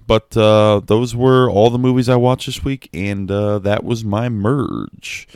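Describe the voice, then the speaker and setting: A young man casually telling a story at home with a quiet voice, laughing at himself and dropping apologetic asides. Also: fairly low pitch, slow pace, clean tone, no echo, clean studio sound. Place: home at night, kept quiet.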